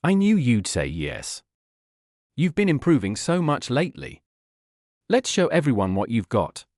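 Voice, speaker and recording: Cheerful male office manager, narrator's voice, upbeat, animated intonation. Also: medium pitch, unhurried, no echo, studio quality. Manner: upbeat, smiling.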